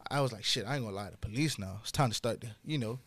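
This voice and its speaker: Animated young man from telling a story. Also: very fast, dry recording. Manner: animated, swears freely, gets loud and high when excited. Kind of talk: casual podcast storytelling.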